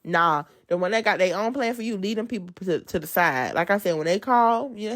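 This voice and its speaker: A woman's voice: medium pitch, lively intonation, a little fast, hardly any pauses. A woman giving an amped-up devotional talk in a casual, colloquial way and addressing her listeners as y'all. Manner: swings between loud emphasis and soft asides. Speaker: speaker giving a devotional testimony.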